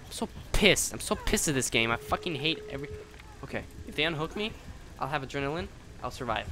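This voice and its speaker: A man giving live commentary on his own game, excitable and profane, swinging between mutters and sudden shouts. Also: medium pitch, fast talker, background noise.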